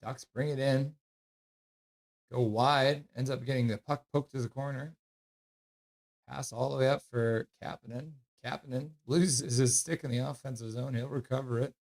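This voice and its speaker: Guy streaming hockey play by play, casual quick calls, normal middle voice. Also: mid-range voice, steady tone, darkish tone. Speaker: streamer doing live play-by-play. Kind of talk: live hockey play-by-play commentary.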